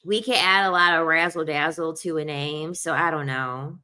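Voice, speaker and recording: A woman's voice: deep voice, steady tone, normal speed, pushed and bright, clean tone. A woman chatting casually to her viewers, emphatic and repeating herself, laughing often. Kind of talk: casual chat to camera.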